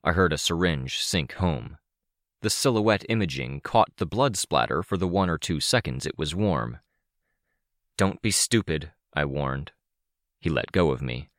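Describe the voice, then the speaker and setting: A man reading first-person fiction aloud as an audiobook narrator, measured and vivid. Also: a bass voice, lively intonation, fairly bright tone, no room sound, clean studio sound.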